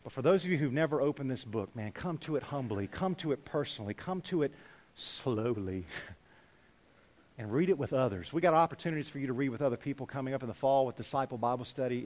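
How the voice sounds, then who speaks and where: A man preaching a sermon as pastor, animated, swinging from loud urging to hushed, quiet lines. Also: mid-range voice, fast.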